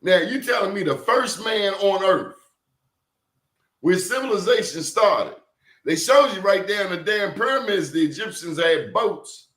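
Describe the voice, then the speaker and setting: Animated, emphatic man in a roomy echo. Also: high-pitched, a little slow. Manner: emphatic, animated storyteller with blunt slang. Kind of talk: casual conversation.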